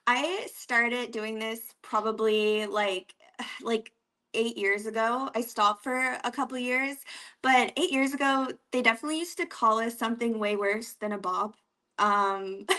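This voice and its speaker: A woman's voice: on the high side, a little slow, pushed and bright. A young woman from Canada with an East Coast accent, chatting casually as an interview guest, giggling often and using many "like" fillers.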